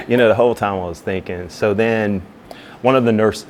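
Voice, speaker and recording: A man, a fire captain, telling a long personal story in an interview, acting out both sides of the conversations in a relaxed, chatty way. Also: lowish voice, a little fast, slight background noise. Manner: relaxed, conversational, with many "you know" asides. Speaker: fire captain and business owner.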